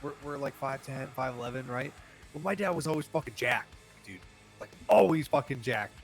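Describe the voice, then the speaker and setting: A young man co-hosting a casual podcast, profane and excitable, peppering his talk with dude. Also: mid-range voice, fairly quick, soft background music. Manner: profane, keeps saying dude. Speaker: podcast co-host. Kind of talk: casual chat.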